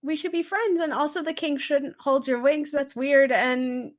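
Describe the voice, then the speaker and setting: A woman voicing an exasperated young female sugar artisan with a deadpan delivery. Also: high voice, measured pace, voice pushed up.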